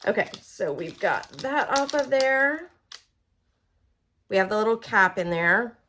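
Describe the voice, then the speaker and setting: A woman's voice: mid-range voice, expressive, a little slow, pushed and bright, a little hiss or hum. A woman from Oklahoma, chatting through a casual how-to demonstration and talking to viewers like friends. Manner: chatty and folksy, talks straight to viewers as friends. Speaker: product demonstrator.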